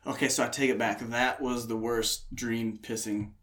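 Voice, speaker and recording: A man's voice: medium pitch, steady tone, moderate pace, a bit bright. A young man co-hosting a podcast, laughing often and chiming in with short agreements. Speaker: podcast co-host. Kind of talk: casual chat.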